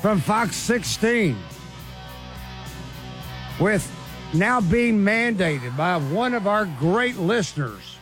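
A man's voice: high-pitched, animated, takes it slowly, long pauses, a bit bright, soft background music. A man hosting a radio sports show, playful and bantering. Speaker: radio host. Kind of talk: casual radio chat.

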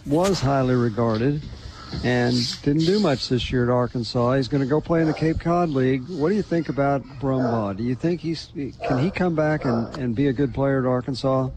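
A man's voice: medium pitch, moderate pace, few pauses, noisy background. A man co-hosting a sports radio show, chatting in an easygoing way. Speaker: co-host. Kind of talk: casual sports talk radio.

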